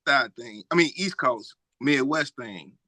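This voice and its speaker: A man's voice: mid-range voice, lively intonation, a little slow, sharp tone, dry recording. A man hosting a podcast in a casual interview, asking eager follow-up questions. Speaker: podcast host.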